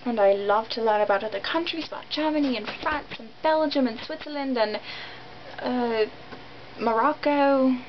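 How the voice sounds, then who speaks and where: Her voice is fairly high-pitched at a moderate pace as this young American woman rambles and giggles through a casual vlog to camera, full of likes and ums. Sound quality is dull and lo-fi with a faint hiss of noise.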